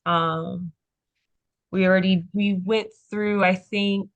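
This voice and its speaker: Woman Greek tutor, slow and encouraging, with lots of fillers. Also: mid-range voice, steady tone. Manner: encouraging, unhurried, with frequent fillers. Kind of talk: online tutoring session.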